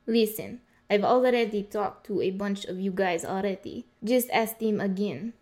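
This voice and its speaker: A woman plays a blunt diner waitress working the late shift, answering questions with bored sarcasm. Her voice sits a little high, and she sounds thoroughly unbothered. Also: a little fast, natural voice. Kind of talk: game voice acting.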